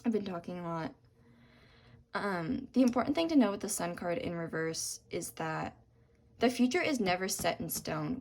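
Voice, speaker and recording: A young woman giving a tarot reading, gentle and reassuring, with frequent ums and apologies, her voice cracking from talking a lot. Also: mid-range voice. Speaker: tarot reader.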